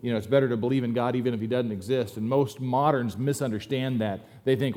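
A man preaching a sermon as pastor in a church, telling jokes and making relaxed, self-deprecating asides. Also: mid-range voice, fast talker, few pauses. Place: church sanctuary.

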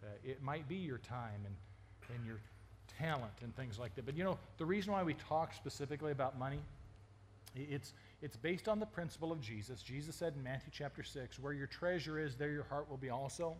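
A man's voice: on the high side, fast, slight background noise. Stammering, chatty preaching man. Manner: conversational preaching with frequent stammered restarts; asks the congregation questions and jokes. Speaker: pastor. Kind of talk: sermon.

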